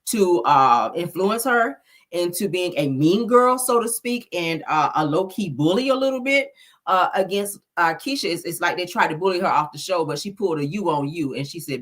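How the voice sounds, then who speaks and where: A woman's voice: on the low side, animated, normal speed. A woman giving casual, blunt celebrity gossip commentary, sassy and profane, laughing often.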